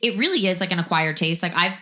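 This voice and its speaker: Bubbly bright-voiced woman podcast host. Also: fairly low pitch, lively intonation, fast. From Italian-American heritage. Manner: effusive, enthusiastic. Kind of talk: casual chat.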